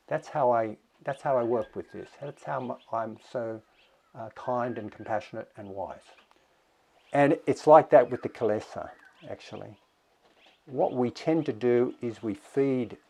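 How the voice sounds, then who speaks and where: Reflective male meditation teacher, slow pace. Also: on the low side, creaky, a little mellow. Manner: slow, reflective, with thoughtful pauses. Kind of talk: dharma talk.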